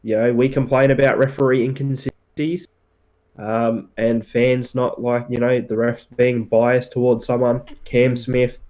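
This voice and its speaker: A man co-hosting a podcast, giving firm opinions in relaxed casual chat with plenty of fillers. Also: mid-range voice, a little slow. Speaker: podcast co-host.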